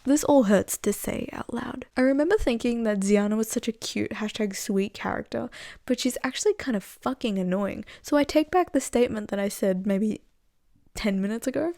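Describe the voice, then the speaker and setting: A woman's voice: a little high, moderate pace, creaky, warm tone, no room sound, studio quality. Chatty young woman, wry and profane. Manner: chatty, swears freely, wry asides. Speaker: series recap commentator. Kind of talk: casual recap narration.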